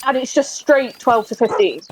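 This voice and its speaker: A young woman with a Somerset accent chats on a gaming stream. Her voice sits fairly high and swings up and down a lot. She talks in a chatty, giggly way and often pokes fun at herself. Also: lively intonation, moderate pace, slight background noise, low-quality recording. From Somerset, England. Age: 20s. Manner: chatty, giggly and self-deprecating. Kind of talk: casual chat while gaming.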